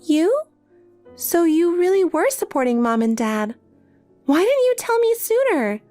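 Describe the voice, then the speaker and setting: A woman's voice: very high-pitched, very animated, a little slow, dark tone, exaggerated voice. A synthetic woman's voice playing a desperate, pleading married older sister in a text story, with faint music behind. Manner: pleading, insistent.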